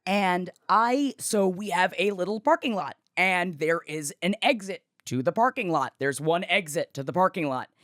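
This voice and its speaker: A woman co-hosting a podcast, telling a story in animated, casual chat and shouting when she acts out the scene. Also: fairly low pitch, normal speed, few pauses, no echo, studio quality. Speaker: podcast co-host.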